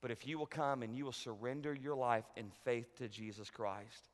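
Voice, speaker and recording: A male pastor preaching a sermon, swinging from loud urgent peaks to hushed lows. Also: fairly even intonation, normal speed. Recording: long reverb of a large hall.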